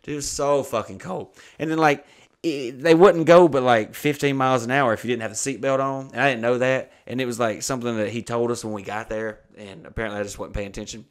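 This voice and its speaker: A man's voice: medium pitch, steady tone, quick pace. A young adult man hosting a podcast, telling rambling, profane anecdotes in casual chat and acting out the dialogue. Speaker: podcast host.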